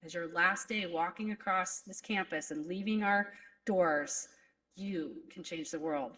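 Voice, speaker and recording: A woman's voice: fairly low pitch, a little slow, bright, forceful tone, far from the mic, rough recording. A woman principal giving an earnest, emotional graduation speech to students. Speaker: school principal. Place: school graduation ceremony.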